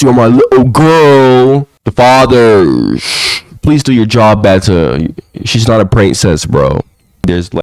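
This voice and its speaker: A man's voice: mid-range voice, no room sound. A young man who is sick and sounds off, ranting bluntly in slangy, sarcastic casual talk. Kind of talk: casual opinion monologue.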